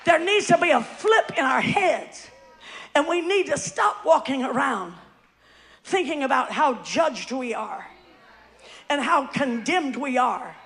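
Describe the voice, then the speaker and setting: A woman preaching a sermon, emphatic and often shouting, who calls the congregation to answer her back. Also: high-pitched, lively intonation, unhurried, creaky, some chatter behind.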